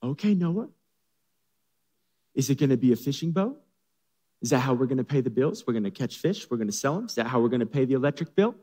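A woman's voice: rumbling low, expressive, fast, pauses often, mellow, breathy edge, exaggerated voice. A man voicing an exasperated wife of a boat-builder, complaining and incredulous, in an echoey hall. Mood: skeptical.

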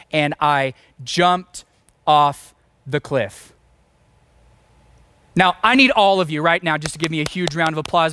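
A man's voice: high voice, bright, forceful tone, clear, resonant tone, dry recording, clean studio sound. A man in his forties, a pastor preaching a sermon, telling a story with self-mocking humor and strong emphasis.

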